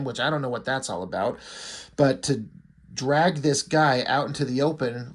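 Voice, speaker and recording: A man's voice: medium pitch, normal speed, breathy edge. A man reviewing a comic book in casual commentary, irreverent and wry, with frequent swearing.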